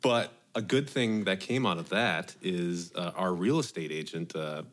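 A man's voice: low-pitched, measured pace, a bit bright. A man co-hosting a radio talk show, chatting in a friendly, conversational way. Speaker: podcast co-host. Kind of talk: casual radio chat.

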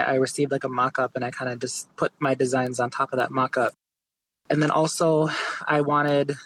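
A man's voice: medium pitch, no room sound, rough recording. A man, an artist and interview guest, telling his story casually with lots of "like" and "you know". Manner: relaxed, many fillers like "like" and "you know".

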